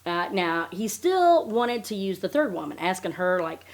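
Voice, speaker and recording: A woman's voice: fairly low pitch, sing-song, moderate pace, few pauses. Blunt, sarcastic woman podcaster. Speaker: podcast host. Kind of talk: casual recap chat.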